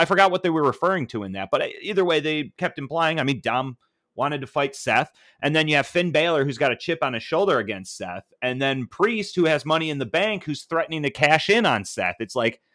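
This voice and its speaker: Male podcast co-host, lively swinging pitch, dry close sound, laughs a lot and acts out what fans yell. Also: no room sound. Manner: animated, laughs often, mimics fans mid-story. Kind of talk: casual wrestling podcast chat.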